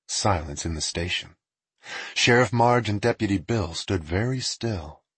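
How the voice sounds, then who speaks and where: A man narrating a storybook with an expressive reading. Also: lowish voice, breathy edge, no echo.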